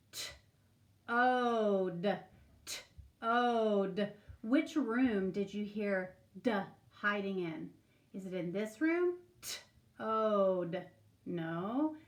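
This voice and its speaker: A woman teacher leading a remote phonics lesson for young children, patiently prompting and stretching out sounds. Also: medium pitch.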